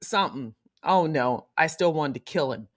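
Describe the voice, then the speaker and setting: A woman's voice: low-pitched, expressive, moderate pace. A woman from Ohio, a podcast guest, recounting a travel ordeal with emphatic storytelling. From Cleveland, Ohio. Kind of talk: casual chat.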